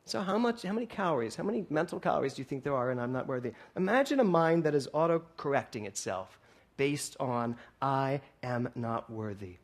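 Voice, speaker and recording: Higher-voiced man giving a playful sermon. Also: sing-song, fast talker. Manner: playful storytelling, acting out dialogue. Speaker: minister. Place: hall, before a congregation.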